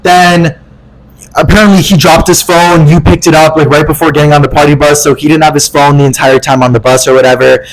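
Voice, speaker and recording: A young man co-hosting a podcast, telling a story in casual chat, animated and profane, acting out the voices of people he quotes. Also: fairly high pitch, brisk, low-quality recording. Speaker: podcast co-host.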